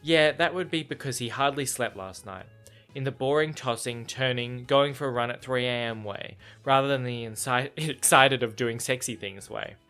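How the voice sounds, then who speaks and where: A man's voice: mid-range voice, normal speed, bright, forceful tone, faint music behind, lightly acted. A man reading as a tired, guarded young man. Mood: strained.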